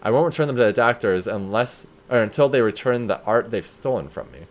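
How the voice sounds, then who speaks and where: A man's voice: mid-range voice, fairly quick, lightly acted. Man reading as an eccentric asylum artist. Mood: grandiose. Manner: rambling, grandiose. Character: eccentric young male asylum patient artist.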